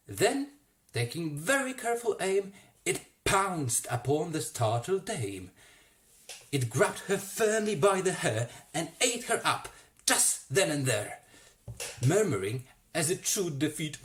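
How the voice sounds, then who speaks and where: A theatre actor, reading a rhyming children's story aloud at home, theatrical and expressive. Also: mid-range voice, slow. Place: home, self-recorded.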